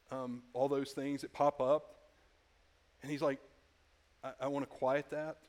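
A man preaching a sermon in a conversational way, often restarting his sentences and dropping into quiet asides. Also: mid-range voice. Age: adult. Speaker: pastor.

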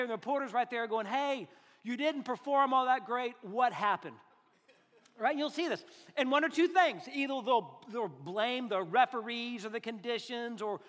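A pastor with a notably high, slightly bright voice preaches a sermon in a loose, joking, conversational style, acting out quotes in other people's voices to make his points. His voice rings through a church sanctuary with a long, lingering hall reverb.

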